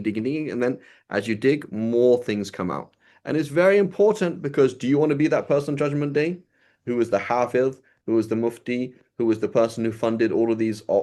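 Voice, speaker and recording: A man's voice: mid-range voice, darkish tone. A man teaching an informal sermon, conversational and loose, often checking in with "right?". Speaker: religious teacher.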